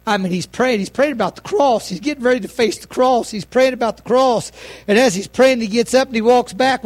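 A middle-aged man pastor preaching a folksy sermon, swinging between loud lines and hushed asides. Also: extremely high pitch.

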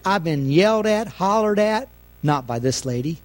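A middle-aged man pastor preaching a folksy sermon, swinging between loud lines and hushed asides. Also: sits high, expressive, moderate pace.

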